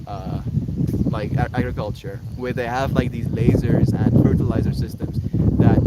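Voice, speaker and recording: Effusive man streaming outdoors. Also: mid-range voice. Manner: earnest, rambling, effusively affectionate. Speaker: livestreamer. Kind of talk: casual livestream chat to viewers. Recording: loud outdoor background noise.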